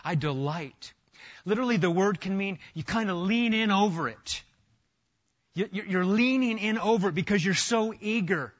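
A middle-aged man preaching an expository sermon, emphatic and animated, often restarting his phrases. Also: high voice, normal speed, highs cut off. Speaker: pastor.

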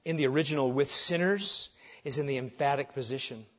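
A man preaching a sermon with emphasis, dropping soft on key phrases and rising when animated. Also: mid-range voice, fairly quick, dull audio. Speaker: pastor.

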